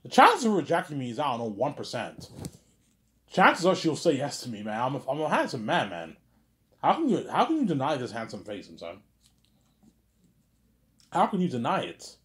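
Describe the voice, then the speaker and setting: A man's voice: medium pitch, huge pitch swings, moderate pace, pauses often, fairly bright tone. A young man talking alone in a rambling, boastful way, often repeating himself and stumbling over words. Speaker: vlogger. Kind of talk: rambling solo monologue.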